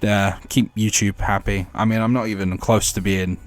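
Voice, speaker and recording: A man's voice: lowish voice, flat delivery, normal speed, no room sound, soft background music. A man giving blunt, rambling game commentary with wry asides. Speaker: gaming YouTuber.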